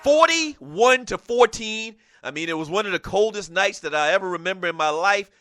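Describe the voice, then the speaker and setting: Picture a Southern radio host with a thick Geechee accent, telling a football story in a high, bright voice. He gets animated and loud when he reaches the big moments. The mic sounds close and dry, with no room echo. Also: normal speed. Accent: Geechee, South Carolina Lowcountry. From South Carolina. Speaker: radio talk show host. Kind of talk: casual sports talk radio.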